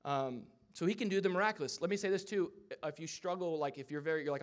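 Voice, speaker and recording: A man preaching a sermon, retelling a scripture story in a casual way with asides and quick character voices. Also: a little high. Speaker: pastor.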